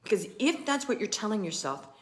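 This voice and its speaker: A woman in the middle pitch range, talking as a business coach on a live stream. She is animated and chatty and leans hard on key words, and she speaks straight to her viewers. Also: fairly quick.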